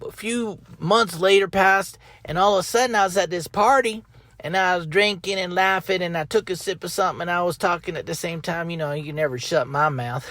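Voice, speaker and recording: A man's voice: high voice, fairly bright tone, dry recording. A man hosting a podcast in a casual, folksy, rambling monologue, often repeating his phrases, talking from up in a tree outdoors. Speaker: podcast host.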